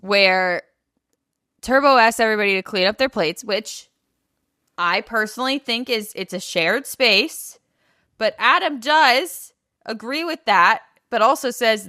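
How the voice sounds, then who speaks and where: A woman's voice: a little high, a little slow, pushed and bright, no room sound, studio quality. A woman co-hosting a podcast, chatting casually and bluntly about a reality show, laughing often. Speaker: podcast co-host.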